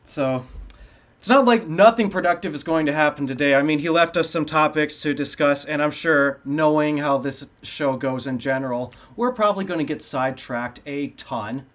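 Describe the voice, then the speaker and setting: A man co-hosting a podcast in casual chat, talkative and quick to laugh. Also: a little high, fairly bright tone. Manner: chatty, laughs easily. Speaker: podcast co-host.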